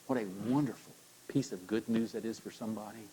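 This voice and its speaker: A male pastor, preaching a sermon and coaxing his congregation into repeating lines after him, with animated, playful encouragement. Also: on the low side, a little fast, slight background noise, poor audio. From United States.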